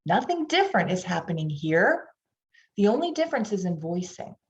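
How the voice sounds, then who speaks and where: A woman's voice: fairly low pitch, sing-song, normal speed, a little hiss or hum. Pittsburgh woman teaching phonics. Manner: demonstrates sounds, coaches the audience to repeat. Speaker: reading specialist and instructor. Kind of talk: tutor training lecture. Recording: dull lo-fi online session audio.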